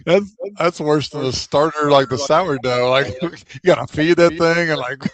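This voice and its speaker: A man co-hosting a talk radio show in casual chat, halting with fillers and laughing often. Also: fairly high pitch.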